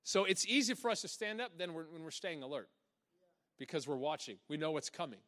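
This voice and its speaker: Man, preacher, animated sermon, laughs often, acts out voices, high bright voice. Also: brisk. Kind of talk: lively sermon.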